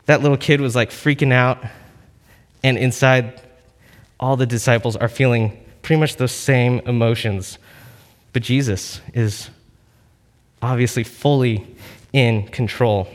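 A man's voice: medium pitch, steady tone, measured pace, long pauses, big-room sound. A man preaching a casual sermon, telling a story in a chatty, conversational way full of fillers.

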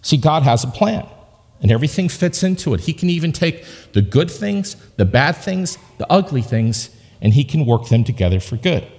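A man's slightly high-pitched voice preaching a sermon, casual and joking one moment, hammering a point with repeated words the next. The sound carries a long reverb from a church hall. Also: very animated, normal speed, a little mellow. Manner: conversational and humorous, with emphatic repetition. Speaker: pastor. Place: church sanctuary.

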